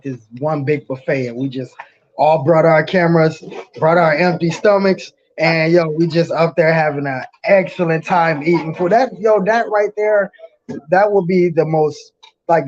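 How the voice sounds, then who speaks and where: A man's voice: on the high side, darkish tone. Laid-back young man tossing out slang. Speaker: podcast guest. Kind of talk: casual chat. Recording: dull, slightly noisy line.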